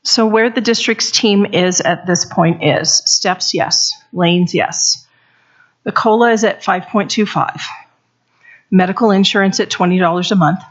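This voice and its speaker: A woman reads through contract terms at a public meeting, short of breath and apologizing between points. Her voice sits at a middle pitch. The recording is muffled and lo-fi. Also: unhurried. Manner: winded, apologetic, plain-spoken. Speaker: district negotiator. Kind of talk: public bargaining session remarks.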